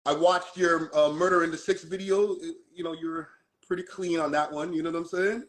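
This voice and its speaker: Slightly high-voiced Toronto man. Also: fairly even intonation, normal speed, fairly bright tone, rough recording. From Toronto, Canada. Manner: easygoing slang, "fam" and "bro". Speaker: guest. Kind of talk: casual chat on a live stream.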